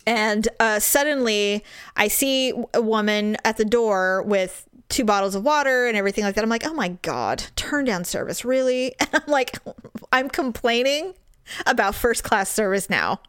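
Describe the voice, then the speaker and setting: A woman's voice: on the high side, normal speed, clear, resonant tone, no echo. A woman telling a funny story in casual chat, laughing and acting out the people in it. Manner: animated, laughing, acts out voices in her story.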